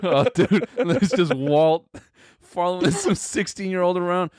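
A man's voice: high voice, lively intonation, a little mellow, no echo, studio quality. A man co-hosting a podcast, chatting casually and laughing often. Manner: laughs often, slow and drawn out. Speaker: podcast co-host. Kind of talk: casual chat.

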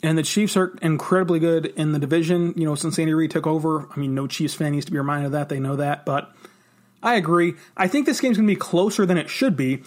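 An excited male co-host on a football podcast talks casual sports with a slightly higher voice. His delivery is rapid and rambling.

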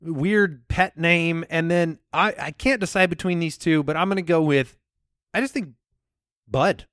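A man's voice: a little high, unhurried, a bit bright, no room sound, studio quality. A man co-hosting a comedy podcast, chatting playfully and acting out quoted lines. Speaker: podcast co-host. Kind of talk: casual comedy banter.

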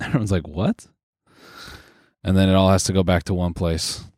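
A man's voice: low-pitched, flat delivery, fast talker, a little mellow, no echo, studio quality. A man co-hosting a podcast in casual chat, joking and riffing on bits while laughing a lot. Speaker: podcast co-host.

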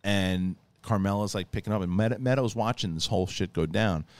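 Male podcast host, lowish voice, rambling and animated, restarts a lot. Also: a little fast, no echo. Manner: rambling, animated retelling with many restarts and acted quotes. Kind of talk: casual chat.

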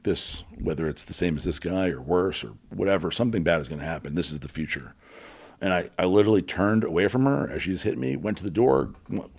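A man candidly telling a personal story as an interview guest, halting, with many fillers and blunt swearing. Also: sits low.

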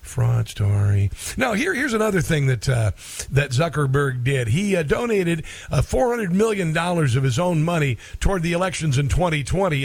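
A middle-aged man hosts a talk radio show in a loose, rambling monologue full of sarcastic asides. His voice sits a little high for a man, and the sound is dry and close. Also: creaky, no echo.

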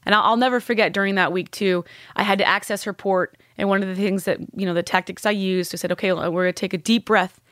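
A woman's voice: mid-range voice, steady tone, a bit bright, no echo, studio quality. Candid woman telling a hard story. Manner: candid, halting, swears freely. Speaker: podcast guest. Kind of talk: emotional personal storytelling.

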